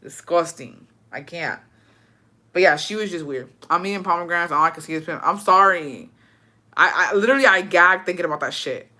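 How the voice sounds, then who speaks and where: A woman in her thirties tells a story live to her viewers and reads their comments as she goes. Her voice is bright and forward. She is blunt and slangy, swears constantly, and slips into Spanish here and there. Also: fairly low pitch, brisk. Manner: profane, blunt, slangy, switches into Spanish words. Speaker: livestreamer. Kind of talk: casual storytelling on a livestream, reading comments.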